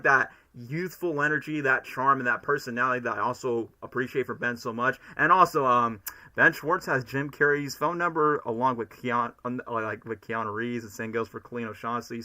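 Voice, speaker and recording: A young man from Florida chatting casually and excitably to his livestream chat, rambling from one thought to the next. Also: fairly high pitch. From Florida, United States. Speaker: streamer.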